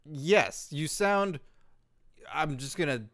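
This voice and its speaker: A man co-hosting a comedy podcast, playful and quick to tease. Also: on the high side, expressive, a bit bright. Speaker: podcast co-host. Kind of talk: casual comedy podcast chat.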